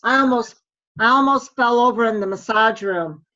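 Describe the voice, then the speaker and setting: A woman's voice: on the high side, normal speed, sharp tone. A woman with an American accent telling a story in a chatty way on a video call. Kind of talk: casual video-call chat. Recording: muffled video-call audio.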